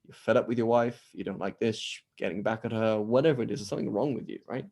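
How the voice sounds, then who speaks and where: A man's voice: on the low side, quick pace, gravelly, darkish tone. A man teaching an online lesson and answering questions in a conversational way, often acting out quoted dialogue. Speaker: Islamic studies teacher. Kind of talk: online lecture with Q&A. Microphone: video call.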